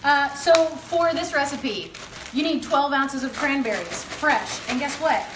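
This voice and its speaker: Young woman, cooking demo host, upbeat and chatty, slightly high voice, roomy kitchen echo, faint hum behind. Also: expressive, unhurried. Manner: upbeat and chatty, with frequent ums. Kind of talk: live cooking demonstration. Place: home kitchen.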